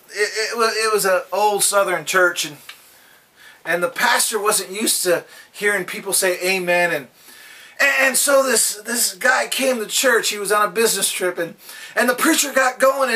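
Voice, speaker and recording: A devotional speaker with a high, bright, forceful voice delivers a daily devotional at a moderate pace, weaving in folksy anecdotes. He seems slightly distant from the microphone.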